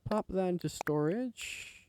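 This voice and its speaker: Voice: mid-range voice, expressive, slow, darkish tone, a little hiss or hum. A game streamer chatting casually to viewers and to themself, rambling and prone to fits of giggling. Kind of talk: casual live-stream chat.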